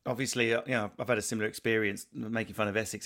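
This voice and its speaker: A man hosting a casual chat, playful and teasing, with quick jokes. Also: on the low side, steady tone, fairly bright tone. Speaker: host.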